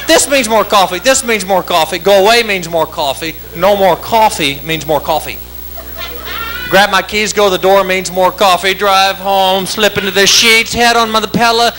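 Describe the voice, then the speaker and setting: A man doing a stand-up comedy routine on a club stage, wired and chanting words in rapid-fire repetition. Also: high voice, sharp tone, soft background music, rough recording. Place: club stage with live audience.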